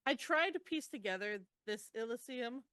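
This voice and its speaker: A woman's voice: on the high side, expressive, moderate pace, fairly bright tone, clear, resonant tone, no echo. Chatty woman recapping a novel. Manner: chatty recapping with frequent laughs and fillers. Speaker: podcast co-host. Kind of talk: casual book discussion.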